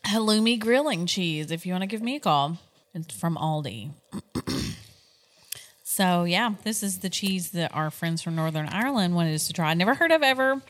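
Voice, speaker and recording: Chatty middle-aged woman co-host, lowish voice. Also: expressive, normal speed. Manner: chatty, rambling storyteller. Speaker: podcast co-host. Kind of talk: casual chat.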